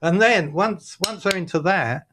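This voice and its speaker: A man's voice: high-pitched, a little slow, background noise. Chatty man telling stories. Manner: animated storyteller, acts out quoted voices, laughs often. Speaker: guest, workshop leader. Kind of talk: casual interview chat.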